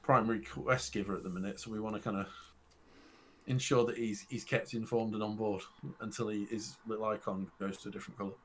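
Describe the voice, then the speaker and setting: A man chatting casually as a player at a tabletop game, joking and relaxed. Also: on the low side, fast, slight background noise.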